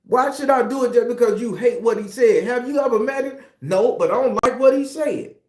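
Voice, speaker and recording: A man, a tarot reader, ranting in a casual monologue in a profane, animated, preachy way. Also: extremely high pitch, fairly quick, roomy sound.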